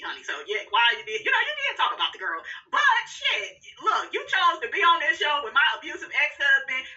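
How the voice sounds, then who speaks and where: Woman, sassy gossip commentary, animated, lively pitch, muffled lo-fi sound. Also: distant mic. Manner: sassy, animated, laughing, says "honey" a lot. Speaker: reality TV commentator.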